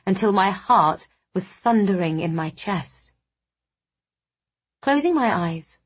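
A woman narrating a novel in the first person, in a measured reading voice. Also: lowish voice, husky. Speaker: audiobook narrator.

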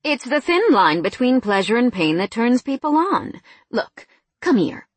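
A woman's voice: a little high, big pitch swings, measured pace, husky, no room sound, pitched above the performer's own voice, full character voice. A woman reading the part of a confident young man working as a masseur, coaxing and teasing.

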